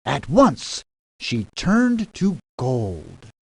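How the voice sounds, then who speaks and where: Very slow, lively storybook narrator woman. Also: very deep voice, creaky, breathy edge, dry recording. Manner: very slow, lively reading with acted quotes.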